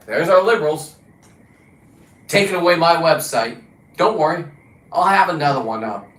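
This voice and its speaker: A man hosting a livestream, ranting casually and combatively with a lot of swearing, his pitch and volume jumping around. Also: expressive, moderate pace, a bit bright, echoey room, poor audio. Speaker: livestream host. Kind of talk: casual profane rant.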